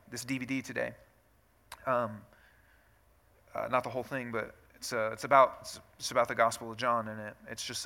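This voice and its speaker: A man preaching a conversational sermon as pastor, moving from quiet reflection to loud, emphatic passages. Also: mid-range voice.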